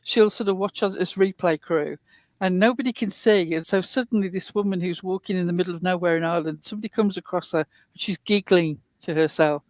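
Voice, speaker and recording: A woman's voice: lowish voice, brisk, a little mellow, no room sound, clean studio sound. A woman hosting a casual online talk show, chatting at length in a rambling way with plenty of fillers. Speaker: host. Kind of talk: casual podcast chat.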